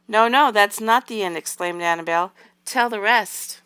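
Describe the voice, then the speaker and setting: A woman's voice: sits low, animated, moderate pace, pushed and bright, clean tone, no echo, clean studio sound, full character voice. A woman reading aloud, voicing a curious, insistent little girl doll in a storybook. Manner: eager, pressing questions.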